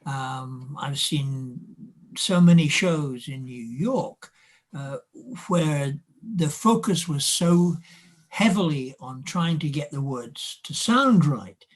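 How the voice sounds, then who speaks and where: A man's voice: on the high side, animated, slow. An English man with an English accent, chatting in a wry, joking way over a video call. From England. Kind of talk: casual chat.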